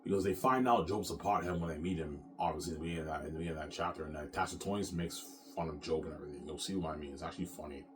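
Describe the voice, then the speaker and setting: A man's voice: rumbling low, racing, hardly any pauses, background noise. A man casually rambling about his own novel, stumbling over repeated restarts and swearing freely as he boasts about it.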